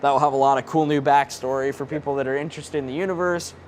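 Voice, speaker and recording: A man's voice: medium pitch, steady tone, fast talker, a little hiss or hum. A man hosting a podcast in a casual promotional chat, rattling off lists of features at an indoor launch event. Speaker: podcast host.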